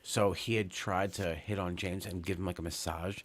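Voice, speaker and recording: A man's voice: low voice, fairly even intonation, moderate pace, a little hiss or hum. A man in his forties from Long Island, telling a rambling, profane story on a comedy podcast, full of fillers and restarts. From Long Island, New York. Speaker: podcast co-host.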